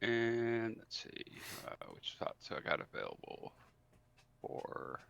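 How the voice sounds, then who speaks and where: A man playing a tabletop game who describes his moves haltingly, with many ums, and questions the rules. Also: medium pitch, huge pitch swings, gravelly, fairly bright tone, clear, resonant tone, muffled recording. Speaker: player. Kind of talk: casual tabletop game play.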